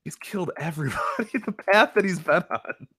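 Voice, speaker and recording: A man's voice: high-pitched, animated, a little fast, a bit bright, breathy edge, dry recording, clean studio sound. A man co-hosting a wrestling podcast, ranting casually and profanely, slipping into mocking quoted voices. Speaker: podcast co-host. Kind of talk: casual wrestling review chat.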